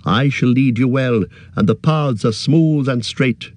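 Guy doing a stern elf captain, formal, a bit higher than his own voice, dry. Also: a little mellow, dry recording, natural voice. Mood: solemn. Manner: formal, measured. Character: stern noble male elf guard leader.

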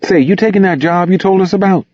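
Man voicing a nervy touchy young guy, pitched up, kinda anxious, dull dry audio. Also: fast, a little mellow, no room sound, natural voice. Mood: casual. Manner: raised, anxious, slangy. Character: nervous young man, defensive and easily stung.

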